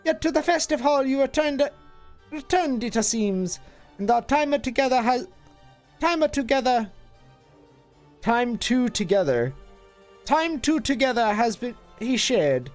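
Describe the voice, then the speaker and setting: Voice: mid-range voice, lively intonation, soft background music, pitched above the performer's own voice, natural voice. A streamer voicing an ancient female hag, cryptic and possessive, with archaic twisted phrasing and a drifting put-on foreign lilt. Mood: gloating. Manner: archaic twisted word order, hissing and drawn-out.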